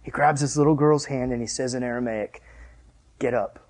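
A man preaching a conversational sermon, animated and speaking straight to his listeners. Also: medium pitch, moderate pace. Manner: animated storyteller, addresses listeners directly.

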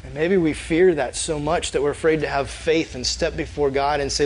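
A man's voice: a little high, steady tone, normal speed, hardly any pauses, a little hiss or hum, poor audio. A young man preaching a casual, conversational sermon as a youth pastor, often acting out prayers in a quoted voice.

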